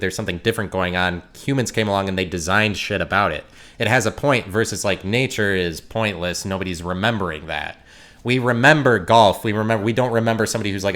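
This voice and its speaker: A man's voice: lowish voice, fairly bright tone. A man hosting a podcast, ranting in an exasperated, sarcastic tone. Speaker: podcast host. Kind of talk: opinionated solo rant.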